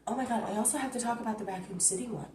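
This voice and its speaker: A woman's voice: fairly high pitch, very fast, echoey room, noisy background. Blunt, rambling woman vlogger. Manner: blunt, profane, rambling, animated. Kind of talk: casual rant recap. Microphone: phone.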